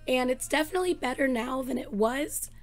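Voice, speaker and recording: A woman hosting a reaction vlog, chatting excitedly with a hoarse voice she is losing, talking into a desk microphone with many fillers. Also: high voice, brisk. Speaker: reaction channel host. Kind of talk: casual chat to camera.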